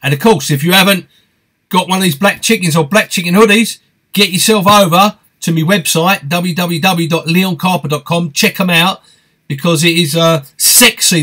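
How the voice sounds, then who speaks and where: A man's voice: high-pitched, bright, forceful tone. A man hosting a live stream, reading out viewer comments and answering them in a chatty, friendly way. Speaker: host of a fishing live stream.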